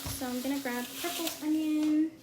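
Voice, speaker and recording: A woman's voice: high voice, steady tone, normal speed. A woman hosting a casual meal prep livestream from a home kitchen, chatting to her viewers and counting items aloud. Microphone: earpiece mic. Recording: echoey room with loud background noise.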